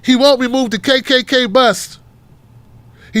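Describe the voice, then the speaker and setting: Tennessee guy with a southern accent doing a political show, high voice, blunt and cussing, dry close sound. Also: measured pace, fairly bright tone, clean tone, no room sound. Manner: blunt, profane and mocking; fired up, rants with rhetorical questions. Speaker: political talk show host. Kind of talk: casual livestream commentary.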